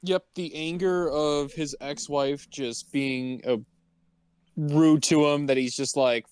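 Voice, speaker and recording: A man co-hosting a podcast, tossing in slow, drawn-out jokey remarks and laughing along. His voice is smooth and clear, recorded dry and close with no room sound. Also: a little high, fairly even intonation, darkish tone, dry recording. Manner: adds jokey asides and laughs. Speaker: podcast co-host. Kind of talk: casual movie recap chat.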